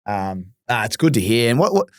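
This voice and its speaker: A man's voice: mid-range voice, very animated, fairly quick, no room sound, studio quality. An Australian man hosting an interview, enthusiastic and chatty, laughing often. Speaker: host. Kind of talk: casual interview chat.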